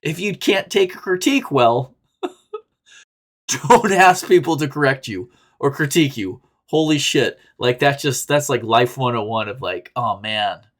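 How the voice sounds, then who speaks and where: Casual male podcast host, mid pitch. Candid and rambling, swears freely, laughs often, swings from loud to quiet. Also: unhurried. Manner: animated, jumps between loud bursts and quiet asides. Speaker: podcast host reading and answering reader stories.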